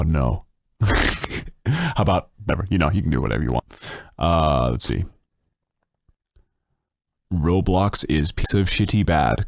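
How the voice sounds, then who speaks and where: A man streaming casually through a deep voice changer, reading chat comments aloud with crude jokes. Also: creaky, a little mellow, no room sound, studio quality.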